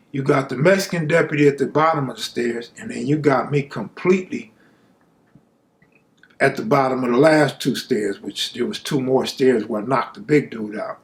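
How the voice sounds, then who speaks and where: A man's voice: medium pitch, moderate pace. A man from Los Angeles telling a story from his own life in a casual, blunt and profane way, acting out the people he quotes. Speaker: live-stream storyteller. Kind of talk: casual first-person storytelling.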